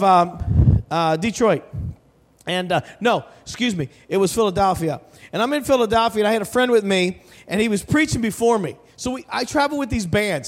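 A man preaching a sermon in a large church, animated and storytelling, often asking the crowd questions. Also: high voice. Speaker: guest preacher. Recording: long hall reverb.

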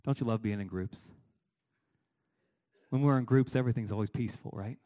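A middle-aged man preaching a sermon as pastor, animated, asking the congregation rhetorical questions. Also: lowish voice, a little fast, poor audio.

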